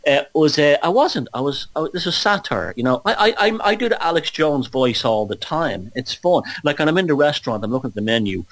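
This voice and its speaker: A man's voice: fairly high pitch, animated, fairly quick, few pauses, dry recording. A man, drowsy from antihistamine, hosting a blunt, mocking rant full of restarts. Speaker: host. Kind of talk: ranting monologue.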